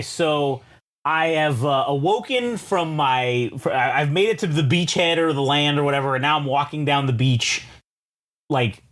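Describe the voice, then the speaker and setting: A man co-hosting a music podcast, telling a long rambling story in casual chat, swearing freely and acting out the characters in it. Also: fairly high pitch. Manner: animated, swearing, acts out characters in his story. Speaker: podcast co-host.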